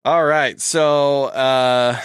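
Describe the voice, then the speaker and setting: A woman's voice: very deep voice, fairly even intonation, drawn-out words, clear, resonant tone, dry recording, clean studio sound. A woman co-hosting a podcast in casual chat, joking and laughing as she talks. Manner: joking, laughs while talking. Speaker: podcast co-host.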